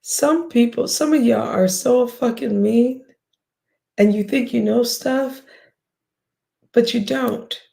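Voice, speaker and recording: A woman's voice: a little high, slow pace, gravelly, long pauses, mellow. A woman hosting a livestream, ranting bluntly and profanely at her viewers with scoffs and sighs. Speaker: livestream host.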